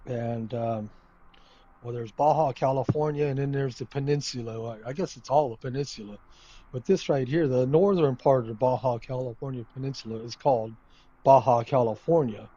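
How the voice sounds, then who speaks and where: A man's voice: medium pitch, moderate pace, dark tone, highs cut off. A man hosting a flight simulator video, chatting casually and rambling with many ums and uhs as he thinks aloud. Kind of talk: casual gameplay commentary. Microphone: desk microphone.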